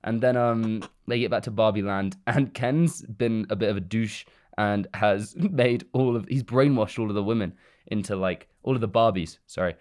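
A man's voice: fairly low pitch, moderate pace, a little mellow. Jokey rambling podcast guy. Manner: rambling, jokey, laughs often. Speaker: podcast co-host. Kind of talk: casual chat.

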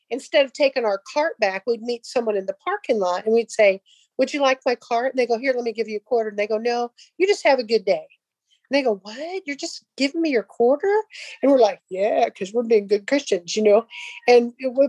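Animated middle-aged woman telling a story. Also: a little high, no echo. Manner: animated, acts out dialogue in voices. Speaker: guest telling a faith story. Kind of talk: casual storytelling.

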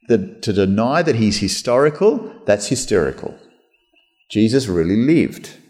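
A man preaching a conversational sermon as pastor, lively and chatty, slipping into mock voices. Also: lowish voice. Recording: long hall reverb.

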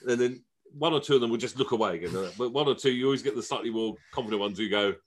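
A middle-aged man hosting a podcast, telling anecdotes in a relaxed, chatty way. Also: mid-range voice, very fast. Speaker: podcast host. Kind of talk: casual chat.

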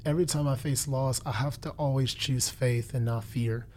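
Earnest young man, flat steady voice. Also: mid-range voice, moderate pace, a little hiss or hum. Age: 20s. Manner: earnest, preacherly, repeats phrases for emphasis. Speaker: guest. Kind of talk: faith testimony in conversation.

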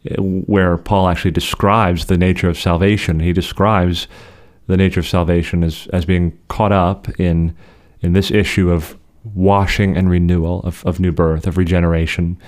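A man co-hosting a podcast, explaining theology in a measured, conversational way with frequent restarts. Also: deep voice, little pitch movement, darkish tone.

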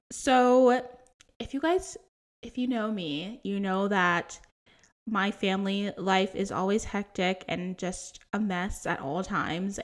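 A podcast host in her twenties tells personal stories in a chatty way, laughing often and filling her speech with "likes" and "ums." Her voice is medium-pitched with a fairly bright tone.

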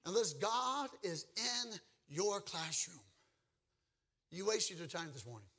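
Deep in sermon mode, the preacher speaks slowly in a husky, high, bright voice with vocal fry and lively intonation. His forceful, emphatic delivery mixes stories with humorous remarks to the congregation.

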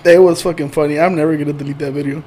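A man's voice: a little high, steady tone, racing, heavy background noise. A man talking in a casual podcast chat, teasing the others and swearing heavily.

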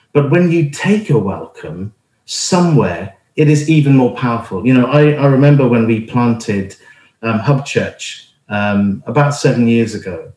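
A man's voice: medium pitch, a little mellow. Earnest preacher man in an echoey room. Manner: earnest, conversational, frequent fillers and restarts. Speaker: church planter and speaker. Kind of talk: informal sermon with personal story. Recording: roomy echo.

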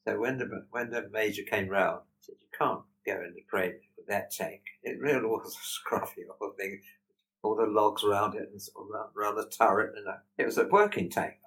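A man's voice: lowish voice, steady tone, a little fast, a bit bright, low-quality recording. An older British war veteran, a man telling plain-spoken anecdotes and acting out the dialogue he quotes. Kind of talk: anecdotal storytelling.

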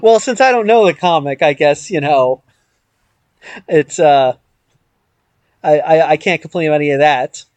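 High-voiced man musing aloud. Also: moderate pace, long pauses, a little mellow, smooth, dry recording. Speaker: podcast co-host. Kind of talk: casual discussion.

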